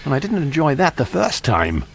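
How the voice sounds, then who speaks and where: A prim English gentleman. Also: on the high side, huge pitch swings, normal speed, vocal fry, a little hiss or hum, full character voice. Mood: dry. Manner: proper, understated and dry.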